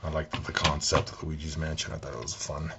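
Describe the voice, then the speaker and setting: A man talking through his video game collection in a relaxed, soft-spoken way, thinking aloud as he goes, at home. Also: extremely low pitch, brisk, very noisy.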